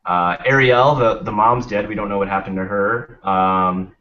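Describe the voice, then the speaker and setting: This young podcast host keeps things laid-back and rambling, dropping a swear here and there in casual chat. His lowish voice is steady at a normal speed, and the stream audio sounds dull and lo-fi.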